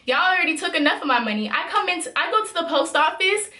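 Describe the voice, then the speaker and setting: A woman's voice: extremely high pitch, expressive, quick pace, sharp tone, echoey room. A young woman from Memphis, telling a worked-up, emphatic storytime straight to her viewers. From Memphis, USA. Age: young adult. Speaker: vlogger. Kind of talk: storytime vlog.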